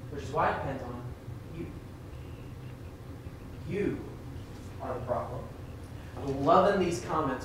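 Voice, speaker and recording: A minister teaching a Bible class, emphatic and conversational, asking the class questions. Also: male voice, high voice, a bit bright. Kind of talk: interactive Bible class sermon. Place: church classroom. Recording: echoey room from far off, faint noise.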